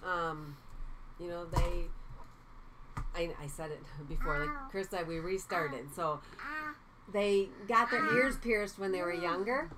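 A woman co-hosting a podcast, chatting casually and explaining characters with quick asides. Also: lowish voice, background noise. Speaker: podcast co-host. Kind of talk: casual chat.

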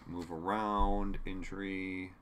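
A man's voice: low-pitched, level tone, takes it slowly, background noise. A man co-hosting a casual podcast chat, rambling conversationally with fillers while he checks his notes. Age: adult parent. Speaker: podcast co-host. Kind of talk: casual chat reviewing a TV episode.

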